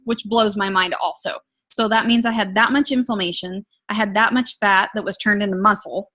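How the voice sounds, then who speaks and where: A woman giving an emotional, earnest personal testimony, talking in a lively storytelling way. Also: mid-range voice, fairly quick, hardly any pauses. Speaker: product testimonial speaker.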